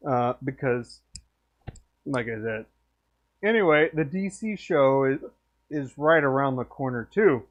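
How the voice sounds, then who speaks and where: A man's voice: mid-range voice, animated, a little slow, long pauses, lo-fi sound. A man signing off his workshop live stream in a rambling, friendly way, tipsy and hiccuping. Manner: rambling, friendly, slurs thoughts. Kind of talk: casual live-stream sign-off chat.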